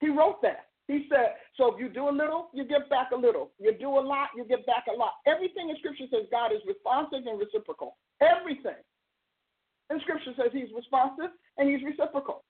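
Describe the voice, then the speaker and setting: A woman's voice: high voice, lively intonation, brisk. A woman host preaching in a loose, conversational way, driving her points home by repeating phrases. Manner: emphatic, repeats phrases for stress. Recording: tinny phone-line sound.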